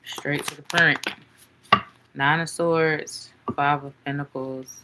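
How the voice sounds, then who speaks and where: A woman's voice: low-pitched, steady tone, takes it slowly, very noisy. A woman reading tarot cards for viewers in a chatty, playful way, laughing often and calling viewers honey and baby. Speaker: tarot reader.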